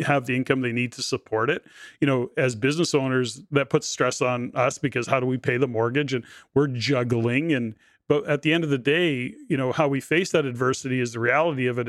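A man in his sixties hosts a podcast conversation. He rambles warmly through stories, leaning on "you know" and "like", with an ordinary mid-range pitch. The sound is dry and close. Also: no echo. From Canada. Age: 60s. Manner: animated storyteller, many fillers like "you know". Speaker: podcast host. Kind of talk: casual interview chat.

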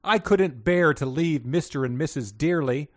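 A man's voice: a little high, normal speed, voice pushed up, close to an everyday voice. A man putting on a sweet Dalmatian mother dog. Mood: tender.

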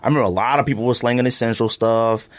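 A man hosting a sneaker podcast in loose, slangy casual chat, playful and quick to laugh. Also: medium pitch, steady tone. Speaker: podcast host.

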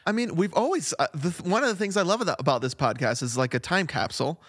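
A man's voice: a little high, lively intonation, fast talker, a bit bright, slightly rough, dry recording, studio quality. A man co-hosting a podcast, chatting casually and laughing easily while reading ads and talking about his week. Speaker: podcast co-host. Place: home studio, Flagstaff.

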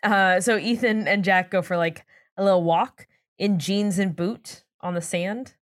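A woman co-hosting a casual podcast recaps plot points with lots of laughter, giggly and animated as she reads summaries. Her mid-range voice keeps a measured pace, and the clean studio recording has no room sound.

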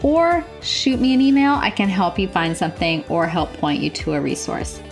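A woman's voice: lowish voice, big pitch swings, moderate pace, faint music behind. An American woman nurse hosting her own podcast from a home office, chatting in an upbeat, gushing way. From United States. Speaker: podcast host. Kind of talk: casual podcast chat.

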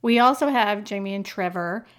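A woman's voice: medium pitch, normal speed, fairly bright tone. A woman co-hosting a casual chat podcast, summarizing episodes in a plain conversational way. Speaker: podcast co-host. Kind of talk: casual chat recapping a TV show.

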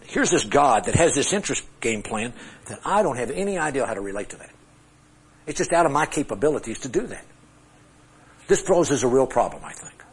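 Using charts in a Bible class, a middle-aged man talks conversationally, quizzes his students and pokes fun at himself. His voice is medium-pitched and slightly rough.

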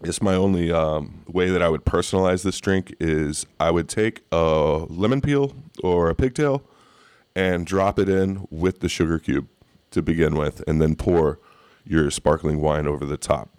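A man co-hosting a casual talk show, telling animated stories and swearing casually. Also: low-pitched, moderate pace, smooth, no room sound. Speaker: cocktail podcast co-host. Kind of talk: casual chat.

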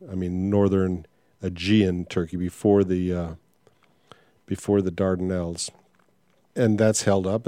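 A man's voice: low voice, warm tone, dry recording. An older man hosting a podcast, talking in a frank, rambling way with many filler sounds. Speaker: podcast host. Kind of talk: casual podcast monologue.

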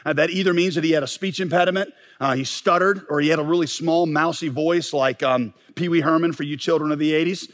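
A man preaching a sermon as pastor, emphatic and building to forceful peaks. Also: on the high side, fast talker, hardly any pauses. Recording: long reverb of a large hall.

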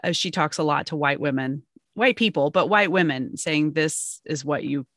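A woman co-hosting a podcast, talking in a relaxed, chatty way. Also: low-pitched, moderate pace, no room sound, clean studio sound. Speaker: podcast co-host. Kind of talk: casual discussion.

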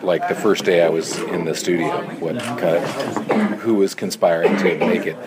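A voice actor being interviewed at a press junket, answering with dry, deadpan jokes. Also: male voice, sits low, moderate pace, over a noisy crowd. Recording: crowded noisy press room.

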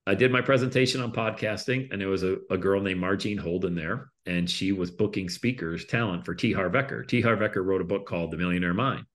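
A man being interviewed as a guest, telling a story casually. His voice jumps up for the punchlines and trails off quietly at the ends of phrases. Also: brisk, few pauses. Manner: lively storyteller, voice jumps up for punchlines then drops low. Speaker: interview guest, speaker and coach.

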